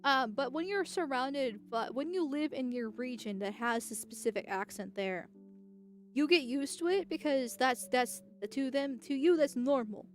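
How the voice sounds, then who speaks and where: A woman's voice: sits high, normal speed, faint music behind. A young woman from the United States talking casually on a livestream, rambling and chatty with lots of restarts and laughs. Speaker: political streamer.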